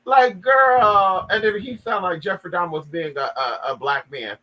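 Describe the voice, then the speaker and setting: A man's voice: high voice, sing-song, normal speed, lo-fi sound. A man giving sassy, dramatic gossip commentary, reading a story aloud and reacting to it.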